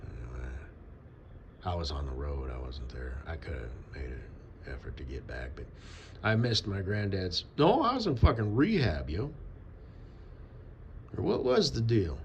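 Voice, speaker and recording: A very deep-voiced man talks slowly in a rambling, offhand monologue. His pitch swings widely as he goes. A faint ambient noise sits under his voice. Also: very animated, creaky. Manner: rambling, offhand, swears casually. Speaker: vlogger.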